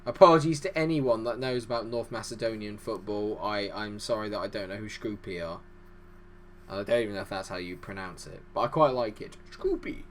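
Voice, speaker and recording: A man giving fast, excitable live commentary over a football management game, chatty and self-deprecating. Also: on the low side, a little hiss or hum. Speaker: gaming YouTuber.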